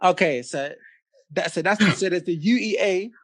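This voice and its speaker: A man's voice: high voice, normal speed, a bit bright. A British man chatting as a podcast guest, laughing easily and restarting his sentences. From United Kingdom. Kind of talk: casual chat.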